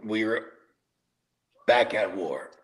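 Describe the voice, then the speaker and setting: A man co-hosting a casual sports podcast, telling stories in an animated, profane way that swings between loud bursts and quiet asides. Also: lowish voice, slow, background noise. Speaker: podcast co-host.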